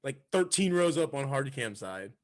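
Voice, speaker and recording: An excitable man co-hosts a casual podcast and tells stories while swearing freely. His voice sits at a middle pitch. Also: moderate pace. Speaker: podcast co-host.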